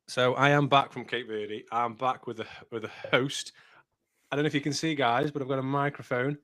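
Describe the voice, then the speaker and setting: A man's voice: medium pitch, fairly even intonation, brisk, bright, forceful tone. Chatty English podcast host man. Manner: chatty, laughing, self-mocking. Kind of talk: casual chat. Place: home office.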